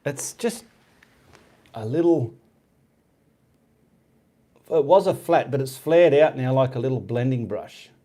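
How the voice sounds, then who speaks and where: This middle-aged Australian man hosts a live painting stream in a warm, expressive, medium-pitched voice, taking it slowly with frequent pauses. He reads comments and chats casually with viewers, rambling and often checking in with "okay".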